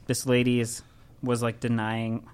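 A man's voice: mid-range voice, monotone, a little slow, darkish tone, clean tone. A man co-hosting a podcast, telling rambling, self-mocking stories in casual chat. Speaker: podcast co-host.

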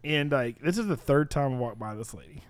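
A podcast co-host with a mid-range voice tells a story in casual conversation, speaking fairly quickly with lively intonation. He laughs often and acts out the voices of the people involved. The audio is studio quality with no echo.

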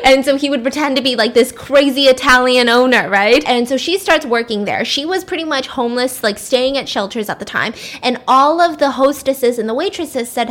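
A woman host casually retelling a dark story on a podcast, chatty and full of fillers. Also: high-pitched. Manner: chatty, many "like" fillers, quick asides.

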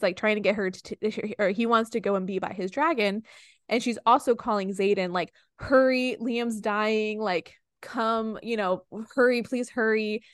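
Casting note: young woman co-host, smooth clear voice, rambling fond retelling, dry close mic. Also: mid-range voice, no room sound. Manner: rambling retelling with many fillers and restarts. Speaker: podcast co-host. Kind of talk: casual book discussion.

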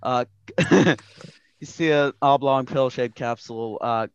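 A man's voice: mid-range voice, takes it slowly, smooth, no room sound. Brief: rambling male game master, casual, dry muffled mic. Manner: rambling, many restarts, mild swears. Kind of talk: casual tabletop game narration.

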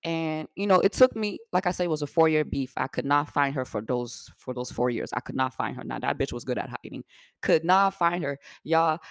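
A young woman from Africa hosting a podcast, telling a story in a blunt, profane, animated way. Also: deep voice, creaky, no room sound, studio quality. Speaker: podcast host. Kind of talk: casual storytelling.

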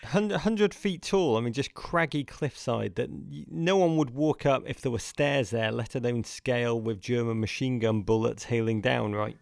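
Man, podcast host, gravelly voice, dry close sound, playful theatrical phrasing. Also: medium pitch, moderate pace, hardly any pauses, no room sound. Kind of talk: casual podcast conversation.

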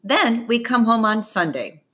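A woman reading a children's novel aloud, her voice bright and ringing. She tells it slowly and expressively, and her pitch rises and falls freely. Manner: expressive, first-person storytelling. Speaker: audiobook narrator.

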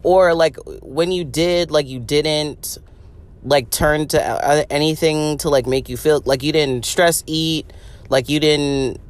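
Slow and deep-voiced, this young female podcast host delivers a wandering, foul-mouthed comic monologue. She says "like" constantly and laughs throughout.

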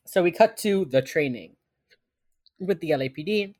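On a casual podcast, a woman co-host with a lowish voice recaps a TV episode at normal speed, animatedly performing the characters' lines as she retells it. The recording is dry, with clean studio sound.

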